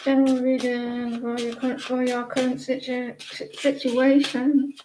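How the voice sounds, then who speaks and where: High, slow-talking woman reading tarot. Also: level tone. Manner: chatty, laughs often, breaks off mid-sentence. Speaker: tarot reader. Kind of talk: live casual tarot reading. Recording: echoey room with faint background noise.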